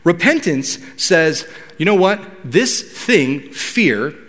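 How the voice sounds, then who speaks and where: A man's voice: on the high side, big pitch swings, slow pace, fairly bright tone. A man preaching a sermon to his congregation in a conversational way, asking them questions. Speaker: pastor. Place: church hall. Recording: long hall reverb.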